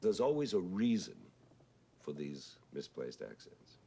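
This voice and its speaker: An older man with a husky, whiskey-worn voice, reminiscing about his mentor in a thoughtful, unhurried way with hesitant fillers. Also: low-pitched, sing-song, mellow. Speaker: composer and conductor recalling a mentor. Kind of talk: reflective spoken reminiscence. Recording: 1970s television broadcast archive.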